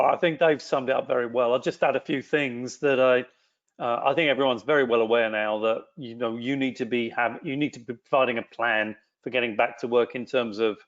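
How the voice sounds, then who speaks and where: A man on a webinar call giving measured, hesitant advice with frequent restarts. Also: medium pitch, fairly even intonation, dull audio. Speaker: webinar panelist. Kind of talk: advisory talk on a video call. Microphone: video call.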